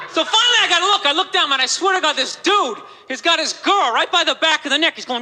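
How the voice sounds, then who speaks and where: High, animated male stand-up comic. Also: quick pace, few pauses, slight background noise, rough recording. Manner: rambling, full of fillers like "you know". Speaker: stand-up comedian. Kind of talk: stand-up routine. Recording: live stand-up recording with crowd.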